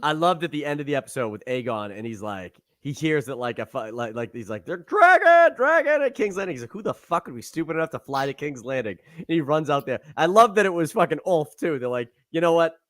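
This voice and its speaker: A podcast co-host chats casually, telling a story animatedly and slipping into character voices with sudden pitch swoops. He talks fast with few pauses, and the recording is dry and clean, like a studio.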